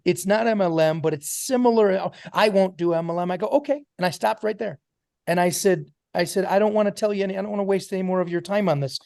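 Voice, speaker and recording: A man's voice: sits high, gravelly, a little mellow, no room sound, studio quality. A man giving an emphatic motivational talk to a sales team on a video call, calling on listeners by name.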